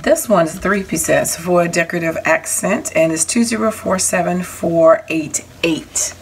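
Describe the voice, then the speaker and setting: Lady with a lowish voice showing off her craft dies, chatty, kinda noisy recording at home. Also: normal speed. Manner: chatty, self-correcting, apologetic asides. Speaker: crafting vlogger showing a haul. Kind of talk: casual show-and-tell. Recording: audible background noise.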